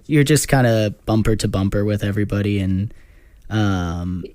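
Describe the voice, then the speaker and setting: A man hosting a casual chat with a friend and former bandmate, relaxed and joking. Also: fairly low pitch, moderate pace, no room sound.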